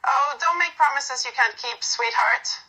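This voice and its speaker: A fond young woman who teases her clingy partner with gentle affection, as a woman reads her lines. The voice sits fairly high and bright, tender even when it pokes fun. It belongs to a romantic audio role-play. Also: a little slow, low-quality recording. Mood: teasing.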